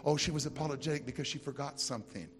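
An American middle-aged man preaching a sermon, telling folksy stories and rising into loud, emphatic preaching. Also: medium pitch, racing. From United States. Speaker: pastor. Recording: music playing behind.

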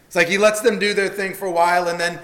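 High-voiced male pastor in an echoing hall. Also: flat delivery, quick pace, fairly bright tone. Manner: earnest, repeats words when starting phrases. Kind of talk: sermon. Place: church sanctuary. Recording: long reverb of a church hall.

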